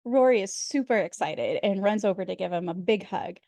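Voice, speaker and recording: A woman's voice: mid-range voice, expressive, a little fast, mellow, dry recording, clean studio sound. A woman co-hosting a podcast, narrating episode recaps in a wry, chatty way. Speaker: podcast co-host. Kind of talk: casual recap chat.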